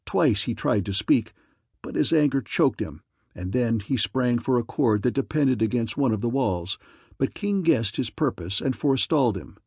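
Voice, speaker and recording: A man narrating an adventure novel as an audiobook in a measured, even way. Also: mid-range voice, vocal fry, husky, dry recording, studio quality.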